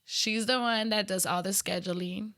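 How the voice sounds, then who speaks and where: A woman's voice: mid-range voice, steady tone, normal speed, a bit bright, no room sound, studio quality. A woman business owner chatting in an interview, talkative and laughing often, with lots of "you know" fillers. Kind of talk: casual interview chat.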